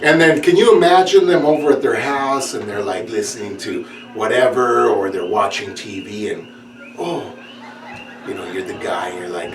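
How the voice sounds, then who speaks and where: A man doing stand-up comedy, telling a story, laughing as he goes and putting on high voices. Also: normal speed, a crowd in the background. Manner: laughs through his own story, acts out characters in high voices. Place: stage with audience. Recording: roomy, distant mic, noisy.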